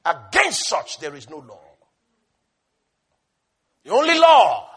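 A male preacher delivering a passionate sermon. He swings between shouted, repeated declarations and hushed, quiet urging. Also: high voice, wildly swooping pitch, slow pace, slightly rough. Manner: repetitive, emphatic.

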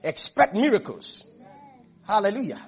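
Husky high-pitched guy preaching a sermon, keeps repeating himself, keeps asking are you listening. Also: sing-song, moderate pace. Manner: emphatic, repeats phrases and asks the congregation if they are listening.

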